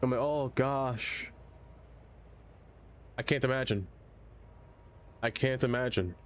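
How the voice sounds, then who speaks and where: At a slow pace and medium pitch, a man rambles casually to viewers while building a city on stream. Chatty, he's easily distracted by what chat says.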